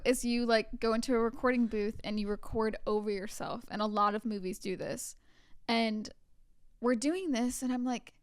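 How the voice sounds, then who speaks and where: Brief: young woman co-host, smooth clear voice, dry close mic, teasing and chatty. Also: on the high side, steady tone, moderate pace, dry recording. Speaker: podcast co-host. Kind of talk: casual chat.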